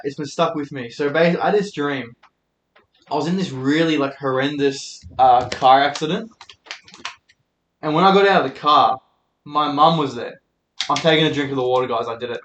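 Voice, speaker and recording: Young dude ranting on his solo podcast, kinda high voice, swears a lot, laughs at himself, echoey room. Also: moderate pace, a bit bright, slight background noise. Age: 20s. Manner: rambling, sweary, self-deprecating. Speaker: podcast host. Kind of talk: casual solo podcast rant. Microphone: handheld microphone.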